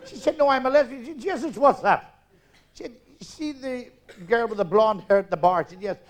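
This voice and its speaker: A middle-aged man telling rapid-fire jokes on stage, loud and brash, acting out characters. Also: high-pitched, very animated. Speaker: stand-up comedian. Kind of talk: live stand-up joke telling. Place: theatre stage, audience laughter.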